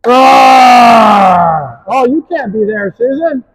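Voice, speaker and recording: A man's voice: high-pitched, lively intonation, normal speed, a little mellow, poor audio. A man coaching players on the court, upbeat and encouraging as he calls out praise and instructions. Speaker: pickleball coach.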